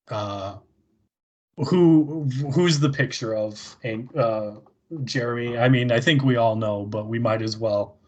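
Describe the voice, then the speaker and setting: Male podcast co-host, unhurried, rambly, laughs a lot. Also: mid-range voice. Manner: rambling, laughs often, many fillers. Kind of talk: casual chat recapping an episode.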